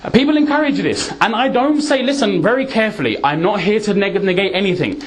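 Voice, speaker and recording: A man's voice: high voice, lively intonation, fast. A man giving an earnest, emphatic sermon, dropping in Urdu, Punjabi and Arabic words. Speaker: Islamic preacher.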